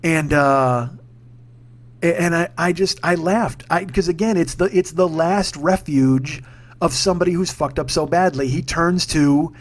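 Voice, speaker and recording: Profane ranting man, fairly high voice. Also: a little slow. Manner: profane, ranting, many restarts. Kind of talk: casual monologue. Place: home room with armchair.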